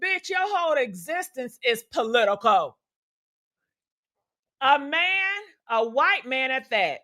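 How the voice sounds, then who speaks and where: A woman's voice: fairly high pitch, bright, forceful tone. A woman hosting a livestream, talking in a profane, sassy, combative way full of rhetorical questions. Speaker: livestream commentary host. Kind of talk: loud unfiltered gossip commentary.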